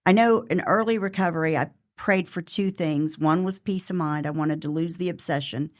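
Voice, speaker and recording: A woman in her sixties, a podcast guest, telling her life story in an earnest, soft-spoken way. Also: on the low side, normal speed. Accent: Southern Ohio. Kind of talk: reflective personal interview.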